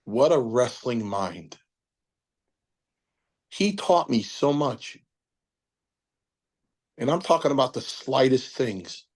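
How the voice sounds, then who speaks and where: A man in his fifties tells stories in a relaxed interview. He has a middle-pitched voice and animates his anecdotes by jumping up into a higher voice for quoted lines. His pace and phrasing are loose and conversational. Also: takes it slowly, pauses often. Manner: animated storyteller, acts out quotes with big pitch jumps. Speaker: interview guest, former wrestler. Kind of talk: casual storytelling interview.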